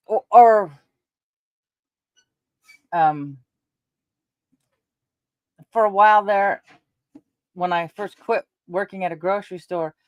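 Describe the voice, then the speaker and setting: A woman's voice: fairly low pitch, dry recording. A middle-aged woman chatting casually to her viewers, rambling through personal stories and laughing along the way. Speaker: vlogger.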